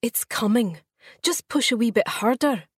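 A woman's voice: medium pitch, big pitch swings, moderate pace, dry recording, studio quality, voice pushed up. A woman voicing a fussing, motherly lighthouse keeper's wife who coaxes and soothes. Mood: coaxing.

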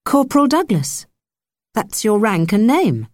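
A woman voicing a young female army nurse, patient but firm and chiding, pitched higher than her narration. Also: very animated, a little slow, darkish tone, no room sound, studio quality.

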